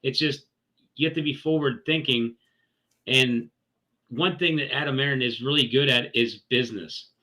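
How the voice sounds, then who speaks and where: A man's voice: medium pitch, bright, forceful tone, rough recording. A man co-hosting a live trading stream, thinking aloud in a loose, hesitant way. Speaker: stream co-host reading comments. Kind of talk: casual livestream chat.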